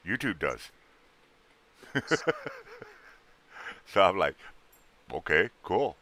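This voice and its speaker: A man's voice: low-pitched, sing-song, drawn-out words, pauses often, bright, forceful tone, dry recording. A tired man hosting a casual livestream, joking and drawling as he tries to sell items. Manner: joking, drawling, mock auctioneer patter. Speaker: livestream host selling game items.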